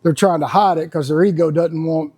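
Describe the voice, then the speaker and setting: A man's voice: on the high side, fairly even intonation, fairly quick, darkish tone, breathy edge. A man, talking in a casual, blunt, folksy monologue as a podcast host. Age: 50s. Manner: folksy, blunt, laughs often.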